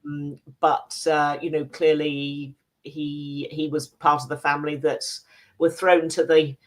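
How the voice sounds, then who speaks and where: A British woman reviews television programmes on a radio show, chatty and measured, with many small fillers. Her voice sits low for a woman. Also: level tone. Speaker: film and TV critic. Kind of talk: casual review chat.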